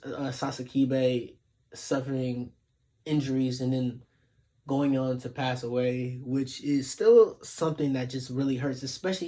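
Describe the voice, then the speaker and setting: Laid-back slangy man recapping anime. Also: mid-range voice. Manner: laid-back, slangy, animated retelling with filler. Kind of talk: casual episode recap.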